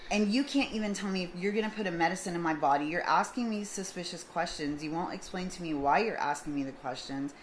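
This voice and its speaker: A middle-aged woman telling a story in a casual vlog, acting out both sides of the conversation in an animated way. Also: lowish voice, quick pace, hardly any pauses, poor audio. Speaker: vlogger. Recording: faint background noise.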